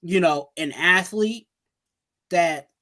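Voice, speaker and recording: A man's voice: high-pitched, takes it slowly, bright, forceful tone. A man talking sports in casual chat, rambling, repeating himself and stumbling over his words.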